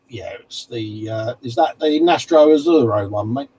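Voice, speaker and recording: A man's voice: mid-range voice, expressive, normal speed, dark tone, husky, poor audio. Chatty man calling everyone mate. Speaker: livestream co-host. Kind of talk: casual chat reading out live comments.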